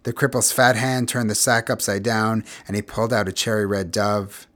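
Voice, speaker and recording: A man narrating literary fiction as an audiobook, in a measured, expressive reading voice. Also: on the low side. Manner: measured, expressive, grows quiet and somber.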